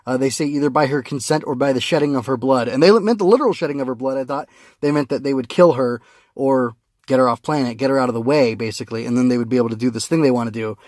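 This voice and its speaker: A man's voice: mid-range voice, fast talker, darkish tone, no room sound, studio quality. A man giving a casual spoken review of a comic, rambling with many fillers and restarts, recorded on a phone.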